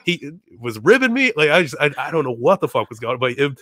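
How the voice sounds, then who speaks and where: Animated, laughing storyteller man, dry sound. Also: a little high, quick pace, dry recording. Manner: animated, profane, laughs often, many "like" fillers. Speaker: podcast guest, comedian. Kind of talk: casual storytelling chat.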